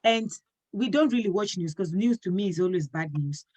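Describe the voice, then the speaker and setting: A woman's voice: mid-range voice, lively intonation, moderate pace, a little mellow. A middle-aged woman hosting a talk show, telling a personal story in earnest and acting out what was said. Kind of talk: casual talk show conversation.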